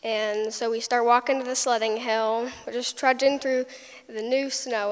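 A woman's voice: fairly high pitch, little pitch movement, measured pace, smooth. A young woman telling a personal story, retelling it vividly with little sound effects. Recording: long hall reverb.

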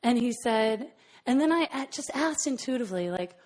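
A woman telling a personal story in an animated way, often laughing between phrases. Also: on the high side, fairly quick. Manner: animated, laughs often, lots of fillers and asides.

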